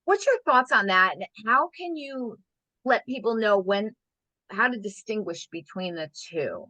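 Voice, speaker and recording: A woman interviewer with a bright, clear tone and a pitch that bounces up and down. She talks in a loose, chatty way, leaning on "like" as she poses open questions, and the recording sounds dry and close. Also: animated, unhurried, no echo, highs cut off. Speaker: host and business coach. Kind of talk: casual interview chat.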